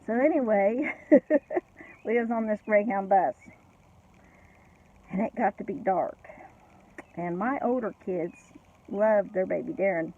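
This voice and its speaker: A middle-aged or older woman tells a family story in a chatty way, with frequent laughs and many asides. Her voice has a gravelly fry, and the sound is thin and tinny, like a phone line. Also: medium pitch, slow, long pauses. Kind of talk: casual personal storytelling.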